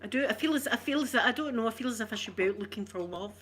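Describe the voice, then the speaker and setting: A woman's voice: fairly high pitch, lively intonation, very fast, a bit bright, slight background noise. Chatty Scottish woman rambling to viewers. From Scotland. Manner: rambling, chatty and self-teasing. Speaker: ASMR streamer chatting with viewers. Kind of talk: casual livestream chat.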